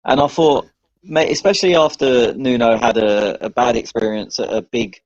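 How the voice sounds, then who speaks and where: A man's voice: mid-range voice, normal speed, no room sound, muffled recording. A man from the UK, co-hosting a football podcast, lays out his points in an easygoing, reasoned way. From United Kingdom. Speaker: podcast co-host. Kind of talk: casual football podcast chat.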